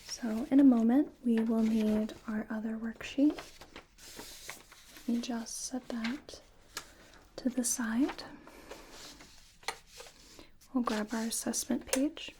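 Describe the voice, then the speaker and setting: A woman in a whispered role-play as a clinician, giving gentle, patient step-by-step instructions in a soft, breathy whisper. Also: a little high, fairly even intonation, slow pace, long pauses, background noise. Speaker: ASMR artist playing a clinician giving cognitive tests.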